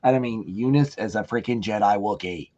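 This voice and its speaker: A lower-voiced man chatting as co-host of a fan show, slipping into playful impressions as he tells a story. His sound comes through dull and lo-fi, without much top end. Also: a little fast. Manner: animated storyteller, acts out quotes, laughs. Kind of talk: casual fan chat.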